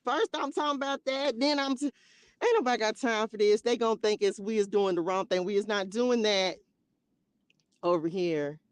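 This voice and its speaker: A woman's voice: mid-range voice, moderate pace, clear, resonant tone, dry recording. A woman hosting a spiritual live stream, chatting casually and playfully with her viewers in a loose, slangy way.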